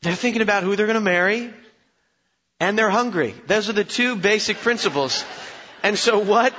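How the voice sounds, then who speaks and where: A man's voice: high-pitched, moderate pace, bright, forceful tone, long reverb tail, lo-fi sound. A male pastor preaching a conversational, humorous sermon in a church, asking his listeners questions and often repeating words as he restarts.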